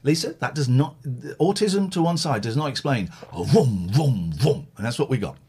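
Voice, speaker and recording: A man hosting a chat show, telling stories in a rambling, animated way. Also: on the high side, fairly quick, breathy edge. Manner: rambling, lively, mimics others. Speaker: podcast host.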